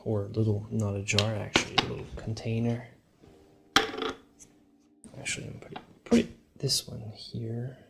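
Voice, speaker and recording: A man chatting casually with viewers during a live painting stream, thinking aloud in halting bits. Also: on the low side, little pitch movement, creaky, heavy background noise.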